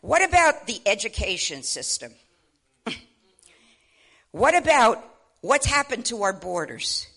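An older woman preaching a sermon, impassioned, swinging between loud exclamations and low asides. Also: sing-song, slow pace, vocal fry, long pauses. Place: church.

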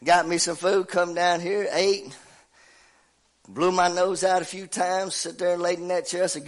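A middle-aged man, preaching and telling a homey story in a folksy, animated way, his voice congested from a cold. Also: high-pitched, normal speed. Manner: folksy, animated, laughs at himself. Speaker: pastor. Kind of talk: sermon with personal story.

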